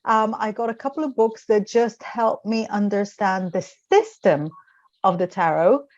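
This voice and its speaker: A woman in her forties talks as a guest in a casual interview, chatty and wry with a self-mocking streak. Her voice sits at an ordinary middle pitch. The recording is a little dull and lo-fi. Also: unhurried, darkish tone. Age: 40s. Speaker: tarot reader, interview guest.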